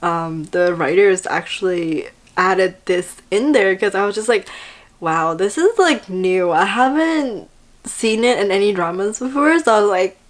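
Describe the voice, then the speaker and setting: A young woman talks casually and excitably into the camera, reviewing a drama she loves. She fills her speech with "like" and "um" and acts out quick bits of dialogue. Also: on the low side. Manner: chatty and excitable, heavy use of "like" and acted-out quotes. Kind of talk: casual vlog chat.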